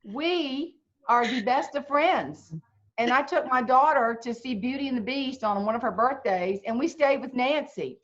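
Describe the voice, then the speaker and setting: A woman's voice: high-pitched, normal speed. A middle-aged woman with a Southern accent, a humorist telling folksy comic stories as a guest on a video chat. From South Carolina. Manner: folksy, animated, comic storyteller. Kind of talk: storytelling chat. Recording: muffled lo-fi video call audio.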